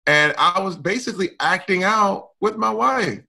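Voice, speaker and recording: A middle-aged man speaking candidly and with emphasis, his voice bright and forceful. He sits a little high in pitch and swings from loud bursts to quiet stretches. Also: normal speed, vocal fry, few pauses. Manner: emphatic, expressive, swings between loud and soft. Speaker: guest. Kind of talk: candid conversation.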